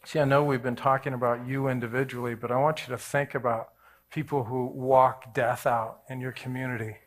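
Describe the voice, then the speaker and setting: A man in his forties, a pastor preaching a storytelling sermon, swinging between hushed asides and loud, excited bursts. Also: mid-range voice, fairly quick. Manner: animated, jumps between hushed and loud, acts out voices.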